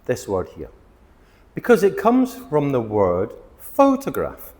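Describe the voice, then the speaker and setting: A man teaching English vocabulary to camera, excitable, stressing and repeating words as he explains them. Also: medium pitch, slow pace, long reverb tail. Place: outdoors near palm trees.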